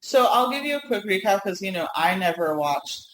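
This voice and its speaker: Sing-song and a bit bright, this mid-range female voice moves at a moderate pace, with slight background noise. She's a podcast co-host excitedly discussing TV in casual chat full of fillers, recorded in an echoey room with faint ambience.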